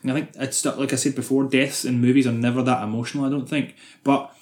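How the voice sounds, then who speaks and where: A young man, a podcast co-host, retelling film scenes in quick, sweary casual chat. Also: mid-range voice, level tone, darkish tone, echoey room.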